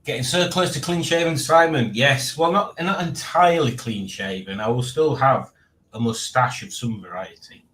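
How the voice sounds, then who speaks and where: A man's voice: mid-range voice, moderate pace, a bit bright. Chatty male live stream host, roomy. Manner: rambling, dry playful teasing, reading chat aloud. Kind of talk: casual live stream chat. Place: home room.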